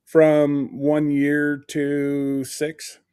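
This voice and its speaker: A co-host chatting casually on a live stream in a relaxed, laid-back way. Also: mid-range voice, very slow, clean tone.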